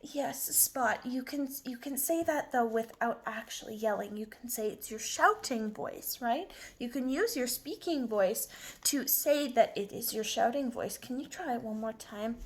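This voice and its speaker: A woman teaching young children, slow and clear, encouraging them with exaggerated emphasis. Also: fairly high pitch.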